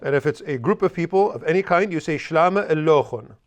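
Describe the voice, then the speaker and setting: A man's voice: on the high side, quick pace. A man teaching a language class, drilling phrases with the students and adding joking asides.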